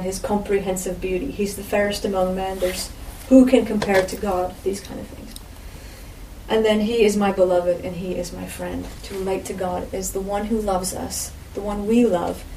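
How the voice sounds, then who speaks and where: A woman's voice: mid-range voice, fairly even intonation, normal speed, dark tone, recorded from a distance. Woman, informal sermon, conversational, roomy echo, faint background noise. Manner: conversational, frequent "you know" asides. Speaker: Bible teacher.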